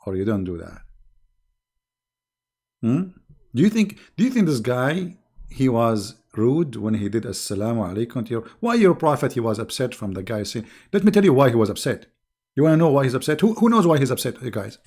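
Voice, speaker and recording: Middle-aged guy, sarcastic mocking host, medium pitch. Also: very animated, brisk, a little mellow. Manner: sarcastic, mocking, chuckling asides. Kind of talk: casual mocking commentary.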